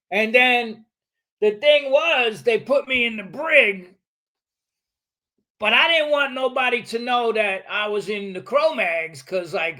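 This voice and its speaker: A man tells a story on a podcast, swearing freely and acting out what others said. His voice sits high for a man. He talks in a lively, streetwise way. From New York, USA. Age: 60s. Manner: animated, profane, acts out other people's lines. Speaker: podcast guest. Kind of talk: storytelling in a casual interview.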